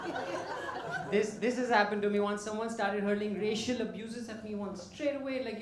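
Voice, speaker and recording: A man's voice: high voice, fairly quick, noisy background. A man from India with an Indian accent doing a brash, profane stand-up set on a comedy club stage with a handheld mic. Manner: brash, profane, mocking punchlines. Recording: roomy club sound with audience laughter.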